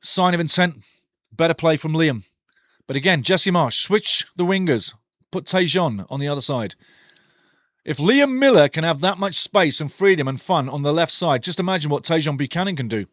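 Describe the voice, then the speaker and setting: A man hosting a live match watchalong, calling the play and answering chat in an animated, opinionated way. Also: normal speed, dry recording, clean studio sound. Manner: animated, opinionated, swings from excited calls to low asides. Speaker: watchalong host commentating a match.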